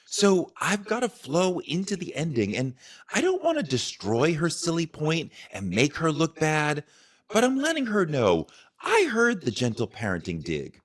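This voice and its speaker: A man, a talk show host, calmly explaining in a measured, storytelling way. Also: a little high. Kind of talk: explanatory video commentary.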